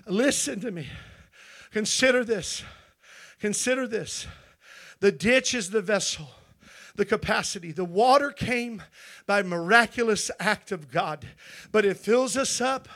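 A man preaching a Pentecostal sermon in a church, moving between hushed storytelling and shouted, drawn-out emphatic phrases. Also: sits high. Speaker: pastor. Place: church sanctuary.

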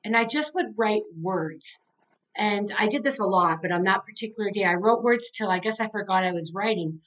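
A woman's voice: medium pitch, normal speed, a bit bright, poor audio. A middle-aged woman, an author and coach, talking as a podcast guest in an earnest, heartfelt way with many "like" fillers. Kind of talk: casual interview conversation.

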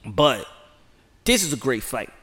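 A man giving casual, excited commentary outdoors, rambling and repeating himself with sudden loud outbursts. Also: medium pitch, measured pace. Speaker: sports commentary vlogger.

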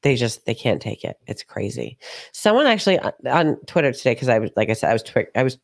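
A woman hosting a podcast in casual, sarcastic chat, hoarse from a cold. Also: a bass voice, fast, no room sound, studio quality. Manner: sarcastic, lively. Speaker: podcast host.

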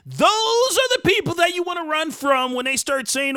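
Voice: extremely high pitch, very animated, normal speed, pushed and bright, no room sound, studio quality. A host giving heated, emphatic political commentary, mocking opponents along the way. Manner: indignant, emphatic, mocks opponents in quoted voices.

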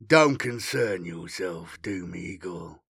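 A man voicing an arrogant warrior captain who speaks slowly and coolly, in an audiobook reading. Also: animated, gravelly, fairly bright tone, no room sound, clean studio sound, exaggerated voice. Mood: cold. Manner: slow, low, coolly dismissive. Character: menacing male warrior captain, cold and arrogant. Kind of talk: audiobook character voice.

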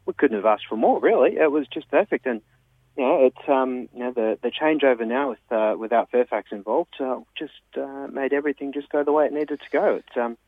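Laid-back co-host on a tinny line. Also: male voice, mid-range voice, a little fast, no room sound. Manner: laid-back, hesitant, dry humour. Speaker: podcast co-host. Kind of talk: casual podcast chat.

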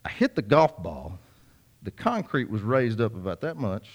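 A man's voice: fairly low pitch, sing-song, moderate pace. A young man preaching a sermon, telling a folksy story with many repeats and asides to the congregation. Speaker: pastor.

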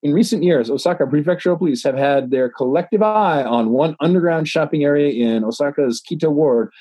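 A man's voice: a little high, fairly quick, warm tone, no echo. A tipsy man co-hosting a podcast, rambling and swearing as he reads news stories aloud with many restarts. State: tipsy from drinking. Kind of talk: casual profane banter, reading articles aloud.

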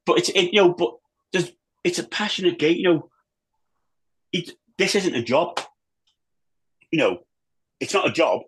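Guy, ex football manager, husky voice, rambly and fired up, keeps restarting his sentences. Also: mid-range voice, low-quality recording. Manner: animated, rambling, with many restarts and the odd swear. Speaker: former footballer and manager, podcast guest. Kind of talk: casual chat.

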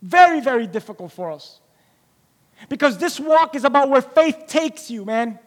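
A man's voice: very high-pitched, expressive, normal speed, big-room sound. A man preaching a sermon, emphatic and repetitive, asking the listeners rhetorical questions.

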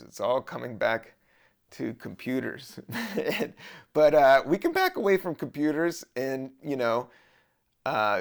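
A man's voice: mid-range voice, creaky. A man from Southern Virginia hosting a podcast, rambling casually in a laid-back, profane monologue. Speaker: podcast host.

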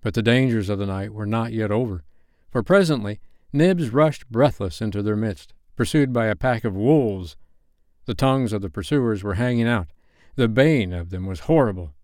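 Deep-voiced man reading a bedtime story. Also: animated, normal speed, a little mellow, no echo, studio quality.

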